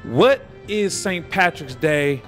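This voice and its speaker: A man's voice: a little high, expressive, slow pace, a bit bright, soft background music. Playful, teasing street interviewer man. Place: outdoors on a street.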